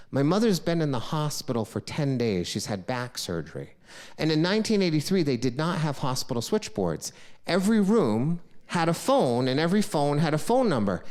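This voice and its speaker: A middle-aged man from the United States telling a true story on stage, animated, swinging from loud outbursts to hushed lows. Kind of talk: live solo storytelling performance.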